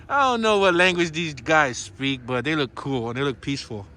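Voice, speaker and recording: A man's voice: on the high side, moderate pace, hardly any pauses, bright, forceful tone. A man vlogging casually on a walking tour outdoors by a pond, playful and slangy as he jokes around. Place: outdoors by a pond in cold weather.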